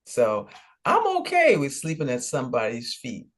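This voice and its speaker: A man's voice: mid-range voice, huge pitch swings, normal speed. A man co-hosting a ministry podcast, retelling a Bible story in conversational teaching style and acting out the dialogue.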